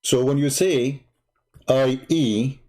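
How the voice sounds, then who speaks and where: Speaking slowly in a mellow, mid-range voice, a man hosts a livestream. His talk is mocking commentary, sarcastic and scolding in tone, with frequent laughter at his opponent's expense.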